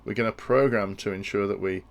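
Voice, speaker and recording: A man's voice: lowish voice, a little fast, creaky. A man explaining industrial control logic in a tutorial, thinking aloud and often restarting his sentences. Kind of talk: technical tutorial walkthrough.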